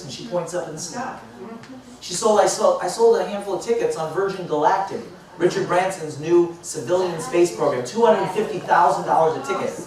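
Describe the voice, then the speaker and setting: A man in his fifties, a motivational speaker telling lively stories to a live audience and acting out both sides of conversations. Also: high-pitched, fairly quick. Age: 50s. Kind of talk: storytelling talk to a live audience. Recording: echoey hall, mic far off, faint noise.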